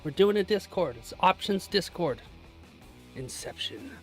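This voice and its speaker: A man's voice: on the high side, a little slow, fairly bright tone, soft background music. A man live-streaming his day trading from a small closet, chatting casually and joking with viewers, laughing often.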